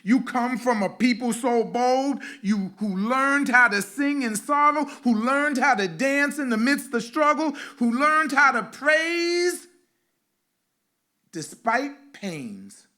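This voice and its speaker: A male reverend giving a sermon with a guided meditation at a spiritual center, speaking in slow, rhythmic lines with repeated phrases. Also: very high-pitched, lively intonation, sharp tone.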